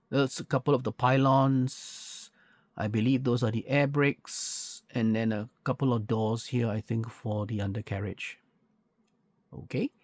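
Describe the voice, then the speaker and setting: A man's voice: mid-range voice, creaky, darkish tone, husky, dry recording. A man walking through a model kit's parts in a chatty, pedantic way, full of fillers and self-corrections. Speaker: scale model reviewer. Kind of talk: unboxing walkthrough, casual commentary.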